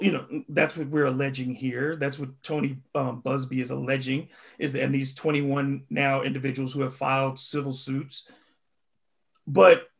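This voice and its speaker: A man with a fairly high, gravelly voice talks sports in a lively back-and-forth. He speaks casually, jumping in with quick asides and restarts. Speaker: podcast co-host.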